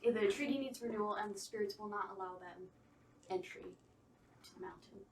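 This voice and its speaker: A woman playing a tabletop game, chatty and quick to laugh, recorded roomy from a distance. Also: mid-range voice. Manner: chatty, giggly. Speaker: player. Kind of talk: casual play at a tabletop game. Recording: roomy, distant mic, faint hiss.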